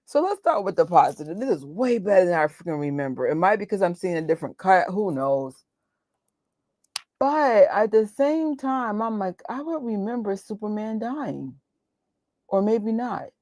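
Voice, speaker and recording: A woman's voice: medium pitch, big pitch swings, moderate pace, dark tone, no room sound, studio quality. A woman hosting a live movie watch party, ranting emotionally in outbursts and joking with frequent laughs. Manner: emotional and exclaiming, rants in outbursts. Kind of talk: live movie reaction chat.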